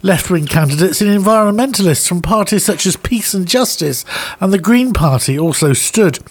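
A man reading news headlines in a clear, formal newsreader manner on a podcast. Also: high voice, animated, normal speed. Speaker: podcast co-host.

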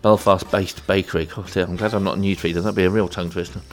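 A man's voice: deep voice, steady tone, quick pace, faint music behind. A man hosting a casual radio chat show, chatty and laughing often, tripping over his words.

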